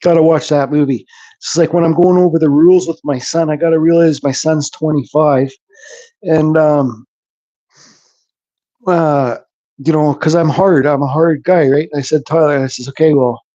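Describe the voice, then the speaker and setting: Middle aged canadian guy rambling to his live chat, swears a lot, kinda high mellow voice, muffled lo-fi sound. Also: unhurried, pauses often. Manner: rambling, blunt, swears freely, answers chat by name. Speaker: woodcarving channel host. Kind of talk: casual chat to live viewers while carving.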